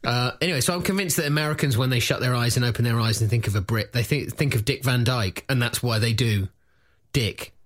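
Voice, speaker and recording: A man co-hosting a comedy podcast, teasing his partner and plugging a gig in casual banter. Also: medium pitch. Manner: playful, teasing, quick plugs.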